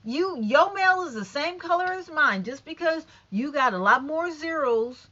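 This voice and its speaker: Fifty-something lady ranting, high lively voice, swears a lot, muffled lo-fi sound. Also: a little slow. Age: 50s. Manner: blunt, profane, animated and emphatic. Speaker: vlogger. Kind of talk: casual rant to camera.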